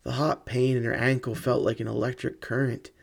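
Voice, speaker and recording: A man giving measured, dramatic scripted narration of a ghost story audiobook. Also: medium pitch, little pitch movement, creaky.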